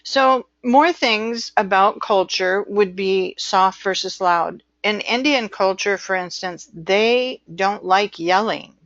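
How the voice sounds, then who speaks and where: A woman teaching medical transcription in a loose, talkative way, wandering off on asides and mimicking the people she quotes. Her voice sits at an ordinary pitch for a woman. The recording is muffled and lo-fi, with no room sound around it. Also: slow, few pauses, a bit bright, no echo. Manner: chatty, digressive, acts out quoted voices. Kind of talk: informal lecture. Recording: dull lo-fi dry recording.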